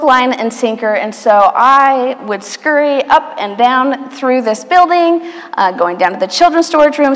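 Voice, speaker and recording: A woman preaching a sermon in a church, telling stories with playful asides and dropping to a soft hush at quiet moments. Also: on the high side. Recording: church hall reverb.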